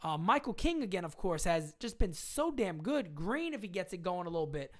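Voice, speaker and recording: A woman's voice: lowish voice, big pitch swings, fairly quick. A woman hosting a casual live stream chat, talking in slangy, emphatic bursts, repeating her points and answering viewer questions. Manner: slangy fan talk, occasional swearing.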